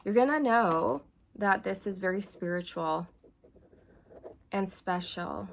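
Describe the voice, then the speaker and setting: A woman's voice: medium pitch, animated, takes it slowly, vocal fry, pauses often. Earnest woman doing a tarot reading. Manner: earnest, reassuring, says "okay" and "you guys" often. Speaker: tarot reader. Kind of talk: channeled tarot reading to viewers.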